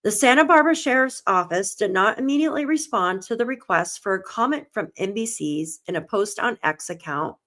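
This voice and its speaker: A woman hosting a live true crime stream, her voice at an ordinary middle pitch. She greets her chat by name and reads a news report aloud, close to tears as she goes. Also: lively intonation, fairly quick, few pauses, fairly bright tone. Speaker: true crime channel host.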